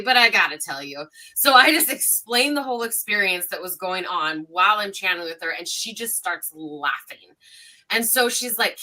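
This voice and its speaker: A woman psychic medium telling stories casually on a livestream panel, acting out dialogue in a rising voice. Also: mid-range voice. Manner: animated, acts out dialogue with rising voice.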